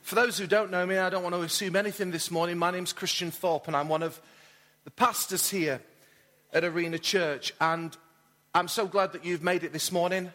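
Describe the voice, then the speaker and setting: A man's voice: high voice, fairly even intonation, normal speed, pushed and bright. A man, a church pastor delivering a friendly, story-led sermon with light humour. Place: church auditorium. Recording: reverberant church hall.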